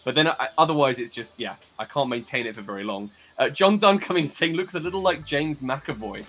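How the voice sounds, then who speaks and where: Lively, chatty man guesting on a stream. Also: mid-range voice. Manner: chatty, animated, quick to laugh, many ums. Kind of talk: casual live-stream chat.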